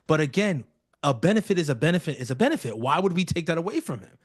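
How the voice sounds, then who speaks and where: An opinionated man co-hosts a sports fan show, arguing his points in loose slangy casual chat. His voice sits a little higher than most men's and is recorded dry and close. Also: big pitch swings, fast, dry recording.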